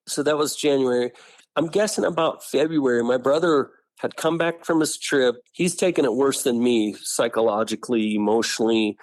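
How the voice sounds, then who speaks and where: Animated man telling a family story. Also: medium pitch, normal speed, no echo. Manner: animated, acts out family members' lines. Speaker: guest telling his story. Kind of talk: personal storytelling interview.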